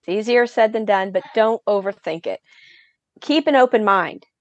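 A woman's voice: medium pitch, normal speed, dry recording. A woman, an event organizer, being interviewed on a podcast, speaking with a dry, sarcastic sense of humor. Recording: dry, dull lo-fi sound.

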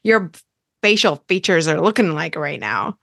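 A woman's voice: low voice, very animated, normal speed, vocal fry, a bit bright, no echo. A woman hosting a podcast in casual chat, blunt and emphatic, swearing freely. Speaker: podcast host.

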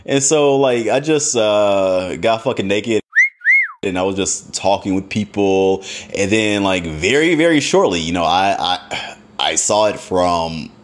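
A man telling a story to his viewers in a casual, animated way, swearing freely and often laughing. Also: fairly low pitch, measured pace, a little hiss or hum.

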